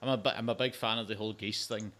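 A man's voice: fairly low pitch, fairly even intonation, rapid-fire, a bit bright. A man, a podcast guest, bantering and swearing freely in casual chat.

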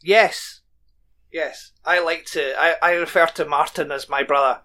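Man, podcast co-host, casual recap chat, dry humor, bright tone. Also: a little high, fairly even intonation, measured pace. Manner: chatty, dry joking asides.

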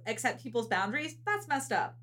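A woman's voice: fairly high pitch, fairly quick. Chatty young woman podcast co-host. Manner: chatty, animated retelling with quoted voices. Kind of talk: casual book discussion chat.

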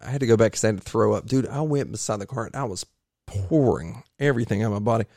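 A man telling a long story on a podcast in a casual, animated way, acting out other people's voices. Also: lowish voice, quick pace, gravelly, no room sound, studio quality. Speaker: podcast guest.

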